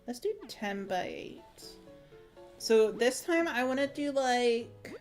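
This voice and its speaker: A woman's voice: on the high side, lively intonation, takes it slowly, a little mellow, soft background music. A woman livestreaming a game, chatting casually, reacting aloud and laughing easily. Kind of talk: casual gameplay commentary.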